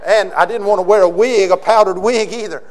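A male pastor with a Southern US accent preaching a sermon, swinging between loud emphatic declarations and quiet, slowed phrases. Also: high voice.

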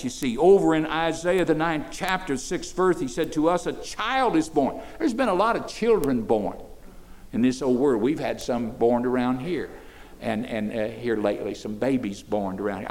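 An older man, preaching to children, moving between soft, folksy asides and loud, emphatic declarations. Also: mid-range voice, animated, normal speed. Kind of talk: sermon to children.

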